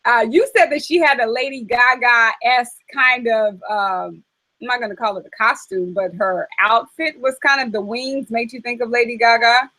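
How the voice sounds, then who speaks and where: A woman's voice: on the high side, moderate pace, rough recording. Chatty woman hosting a casual talk. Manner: chatty, animated, many fillers. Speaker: host. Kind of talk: casual chat.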